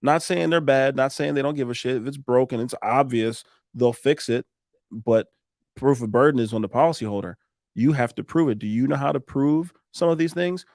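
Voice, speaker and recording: A man rattles off sales stories at high speed, jumping in and out of the voices of himself and his customers. His talk is loose, salty and animated. The recording is dry and close. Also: no room sound. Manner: fast, animated, acts out both sides of conversations, swears casually. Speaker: roofing contractor guest. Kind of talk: casual storytelling interview.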